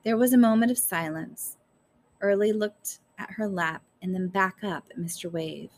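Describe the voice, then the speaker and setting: A woman narrating a story aloud in a measured, careful storytelling manner. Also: medium pitch. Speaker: audiobook narrator. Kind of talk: scripted narration.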